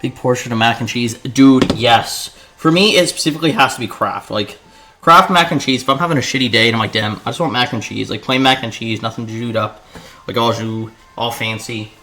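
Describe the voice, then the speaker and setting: Bright-voiced chatty streamer man cooking. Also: medium pitch, fairly quick. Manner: chatty, profane and playful, talking to chat. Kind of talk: casual cooking livestream chat. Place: home kitchen.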